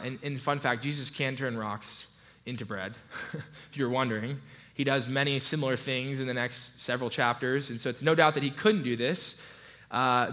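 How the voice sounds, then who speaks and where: A man preaching a sermon in a relaxed, conversational way, with frequent restarts and light asides. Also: medium pitch. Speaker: pastor.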